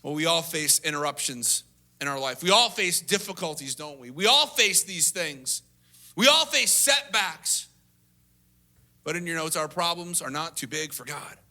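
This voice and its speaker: A man preaching with a bright, sharp voice that sits high for a man and carries a gravelly edge. He talks to the congregation in a conversational way, jumping up into a higher voice when he acts out quotes. At tender moments he drops to a near hush. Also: lively intonation, normal speed. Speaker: lead pastor. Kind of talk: sermon.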